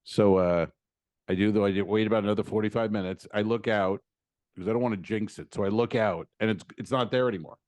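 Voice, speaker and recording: A man co-hosting a comedy podcast, retelling a frustrating errand in an animated, swearing, storytelling way and acting out both sides of the exchange. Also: on the low side, fast talker, dry recording. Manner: swears casually, laughs often. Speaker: podcast co-host.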